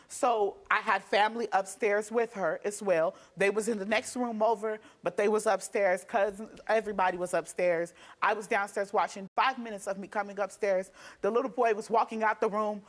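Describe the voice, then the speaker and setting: A woman's voice: mid-range voice, fairly even intonation, brisk, few pauses. A young woman, a guest on a talk show, giving an earnest, detailed and emphatic account of events. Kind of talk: personal testimony.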